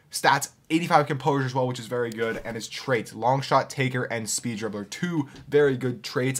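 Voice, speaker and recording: A man reviewing a football video game card and then commentating his own matches, growing excitable and shouting and groaning at near misses. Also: mid-range voice. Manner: addresses viewers as boys. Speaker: gaming YouTuber. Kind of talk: player review and live gameplay commentary.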